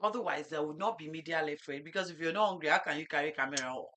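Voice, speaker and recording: A middle-aged Nigerian woman hosting a farm talk show, telling lively stories and acting out market exchanges. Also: deep voice, racing. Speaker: farm host. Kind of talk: casual chat.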